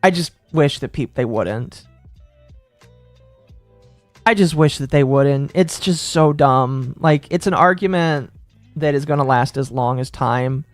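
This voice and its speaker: A man from Texas streaming live, chatting casually with his audience in a rambling, excitable way that tips into rants. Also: medium pitch, dry recording, soft background music. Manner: rambling, excitable, quick to rant.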